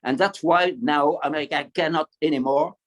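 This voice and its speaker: A man with a French accent, a native French speaker, giving a halting talk on a panel over a video link, with many fillers and repeated words. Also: fairly high pitch, steady tone, a bit bright, low-quality recording. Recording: unsteady remote signal.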